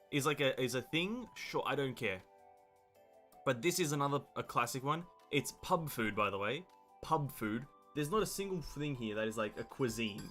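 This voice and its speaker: Australian male streamer, casual and opinionated, mid-pitched voice, curses freely. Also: a bit bright. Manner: blunt, profane, opinionated rambling. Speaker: game streamer. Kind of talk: casual live-stream chat.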